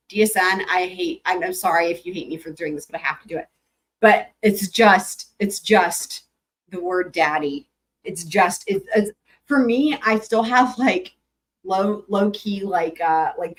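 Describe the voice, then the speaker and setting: A woman's voice: mid-range voice, a bit bright. A young adult woman hosting a livestream, chatting casually with viewers, rambling and laughing, swearing freely. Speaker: livestream host.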